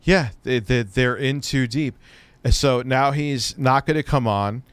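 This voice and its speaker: A man's voice: mid-range voice, unhurried, smooth, no room sound. A man hosting a live stream, ranting in a profane, exasperated way. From United States. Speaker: streamer host. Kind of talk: heated live-stream chat.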